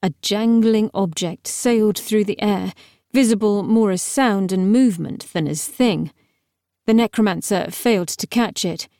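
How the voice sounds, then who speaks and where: A woman narrating an audiobook in a wry, even storytelling manner. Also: medium pitch, measured pace, dry recording. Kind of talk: scripted narration. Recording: dry, close studio sound.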